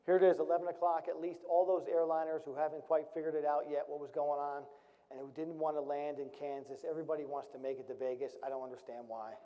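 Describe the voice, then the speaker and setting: A man's voice: fairly high pitch, flat delivery, fast talker. A middle-aged man, a retired Marine officer, telling a serious story from his service in a storytelling talk, with wry, dry humor. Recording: dull recording with long hall reverb.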